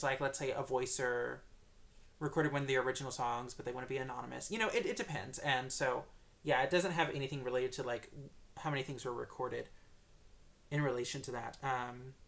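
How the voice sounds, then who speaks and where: A man's voice: medium pitch, vocal fry, a bit bright. Hesitant man answering stream questions. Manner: hesitant, many filler sounds. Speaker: developer answering viewer questions. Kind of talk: livestream Q&A.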